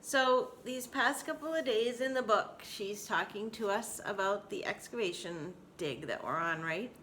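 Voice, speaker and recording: A woman's voice: medium pitch, a little slow, fairly bright tone, a little hiss or hum. A woman in her forties talking candidly to her home vlog audience, open and emotional, often close to laughing. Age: 40s. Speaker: vlogger. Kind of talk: casual personal vlog talk.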